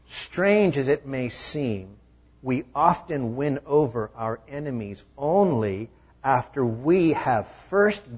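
Man, pastor, sermon, husky, mid pitch, emphatic repeats, muffled recording. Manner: conversational preaching with emphatic repeated phrases.

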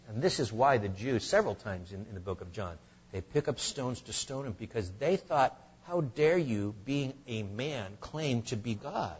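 A man delivers a sermon in a somewhat low, husky voice. He is earnest and drags out key words slowly for emphasis. The recording sounds dull and lo-fi. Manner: earnest preaching with slow, emphatic stresses and playful mock voices. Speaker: pastor.

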